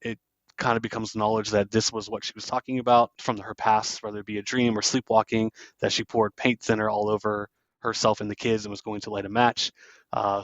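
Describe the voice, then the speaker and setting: Low-voiced man recapping a film. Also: no echo, dull audio. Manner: loose, rambling retelling with many fillers. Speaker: podcast host.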